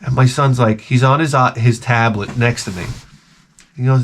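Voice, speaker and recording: A man's voice: medium pitch, fairly quick. A man ranting casually and profanely as he tells a story about his young son. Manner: profane, rambling, animated. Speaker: vlogger and father.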